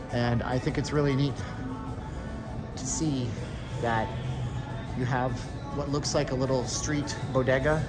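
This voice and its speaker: A man live-streaming a walking tour of a shopping mall, rambling along with joking asides. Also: mid-range voice. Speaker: vlogger. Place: inside a large shopping mall. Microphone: phone held while walking.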